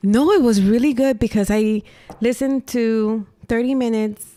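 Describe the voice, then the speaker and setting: A woman's voice: on the high side, a little slow, mellow. A woman guest on a casual comedy podcast, giggling and gushing as she retells a story.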